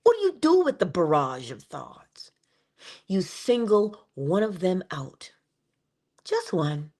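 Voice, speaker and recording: Woman, inspirational speaker, casual spiritual talk, playful, slows down for emphasis. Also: on the low side, big pitch swings, darkish tone. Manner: conversational, playful asides, slow drawn-out emphasis.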